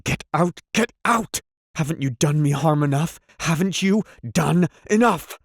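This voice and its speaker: A man reading an audiobook, voicing a frantic, violent young man who shouts and rages at a woman. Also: lowish voice, fairly even intonation, moderate pace, no room sound, studio quality, lightly acted. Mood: raging. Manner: shouting, raging, near screaming.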